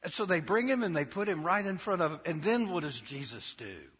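A man's voice: a little high, sing-song, fairly quick, a bit bright, slightly rough. A man preaching a sermon who keeps putting questions to the congregation and tells the story with laughter. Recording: long hall reverb.

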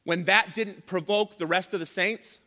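A man's voice: high-pitched, fairly even intonation, normal speed, bright, forceful tone, long reverb tail. A man preaching a sermon as pastor, emphatic, repeating key phrases, with touches of dry sarcasm. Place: church sanctuary.

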